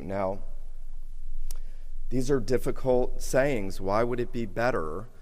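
A man preaching a sermon in a church, earnest and measured, repeating key phrases for emphasis. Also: mid-range voice, a little mellow. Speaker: pastor. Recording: reverberant hall.

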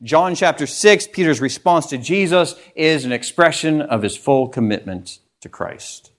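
A man's voice: fairly high pitch, animated, a little slow. Man preaching an earnest sermon. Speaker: pastor.

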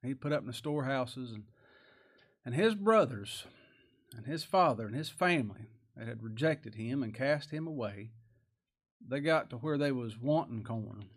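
A man's voice: mid-range voice, lively intonation, normal speed. Pastor, male, folksy sermon delivery, mid-range voice, emphatic rising bursts.

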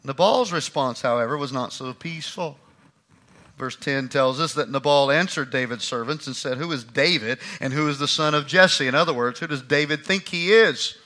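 A man's voice: mid-range voice, normal speed, sharp tone. A man preaching a sermon, walking through a Bible passage and acting out the lines he quotes. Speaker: pastor.

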